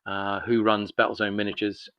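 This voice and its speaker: This podcast guest, a London-born miniatures business owner in his sixties with a North London accent, tells long, rambling anecdotes chattily and acts out the dialogue. His voice is fairly low, clear and resonant, at normal speed with completely flat delivery, and the audio is dull.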